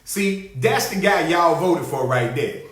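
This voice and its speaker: Animated, bright-voiced male show host. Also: fairly high pitch, measured pace. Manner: animated, laughing, greets viewers by name. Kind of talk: comic live commentary. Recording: roomy echo.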